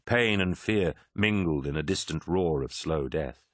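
A man reading a war story aloud as an audiobook narrator, in a grave, measured way. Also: rumbling low, no echo, studio quality.

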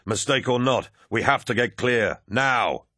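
A man doing a yelling space marine captain. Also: medium pitch, a little slow, no echo, studio quality, pitched above the performer's own voice. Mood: urgent shout. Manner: yelling orders. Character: male space marine captain, urgent and commanding.

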